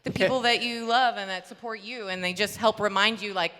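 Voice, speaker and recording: A bubbly woman voice actor talking on a convention panel, her voice bright and lively as she laughs through her stories. She is picked up in a big hall with a long, echoing reverb. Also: medium pitch, fairly quick. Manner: bubbly, laughing, rambling anecdotes.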